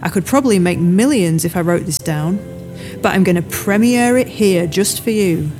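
A woman's voice: lowish voice, expressive, normal speed, a little mellow, soft background music, close to an everyday voice. A woman voicing a brash storyteller. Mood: storytelling. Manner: blunt, swearing, teasing. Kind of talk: audiobook character voice.

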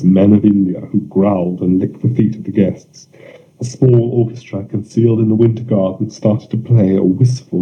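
A man narrating surreal fiction in a measured, deliberate audiobook reading. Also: on the low side, warm tone. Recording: dull lo-fi recording.

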